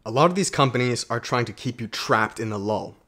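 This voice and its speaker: A man's voice: animated, fairly quick. Blunt, profane man giving a motivational talk. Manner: blunt, profane and emphatic, addresses viewers as guys; swings between low asides and loud outbursts. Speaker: self-development YouTuber. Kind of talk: motivational monologue to camera.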